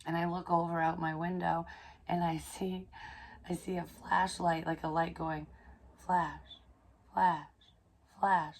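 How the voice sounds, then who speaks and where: A woman psychic medium casually telling a personal story, excitable and profane, dropping into hushed asides. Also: on the low side, moderate pace, gravelly.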